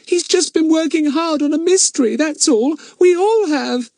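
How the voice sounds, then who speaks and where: A man's voice: extremely high pitch, moderate pace, creaky, darkish tone, dry recording, studio quality, voice pushed up. A man voicing a small, timid girl who pleads in a choked voice, in an audiobook reading. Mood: pleading.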